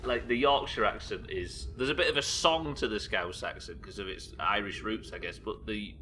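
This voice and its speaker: Young male game streamer from the UK, low but bright and forceful voice, loose self-mocking banter with chat, casual swearing. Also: moderate pace, a little hiss or hum. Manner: rambling and self-deprecating, swears casually, reads chat aloud. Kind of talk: live gameplay commentary chatting with viewers.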